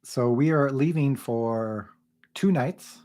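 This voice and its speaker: A man's voice: medium pitch, takes it slowly, dark tone. A man in his thirties co-hosting a casual livestream, greeting viewers and reading their comments aloud with frequent laughs. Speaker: livestream co-host.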